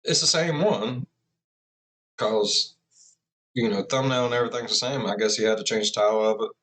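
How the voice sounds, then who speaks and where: A man's voice: mid-range voice, moderate pace, a bit bright, rough recording. A man hosting a reaction video, talking casually and joking around between clips. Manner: joking, rambling, laughs often. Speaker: reaction channel host.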